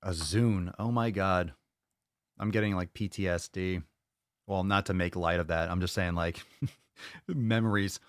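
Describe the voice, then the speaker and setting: A man's voice: deep voice, steady tone, moderate pace, no echo, clean studio sound. A male podcast host talking in a casual, profane, fired-up rant to his live audience. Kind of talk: casual livestream podcast chat.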